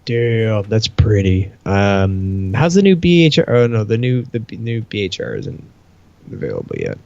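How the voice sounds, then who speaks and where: A man's voice: fairly low pitch, huge pitch swings, moderate pace, vocal fry, a little mellow, dull audio. Rambling, swearing podcast co-host man. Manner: rambling storyteller, swears freely, acts out quoted dialogue. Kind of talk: casual podcast chat.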